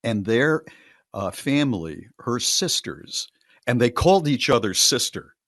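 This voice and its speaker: An older man from Connecticut, a radio host reminiscing in relaxed, rambling casual chat. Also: mid-range voice, unhurried, dry recording, clean studio sound.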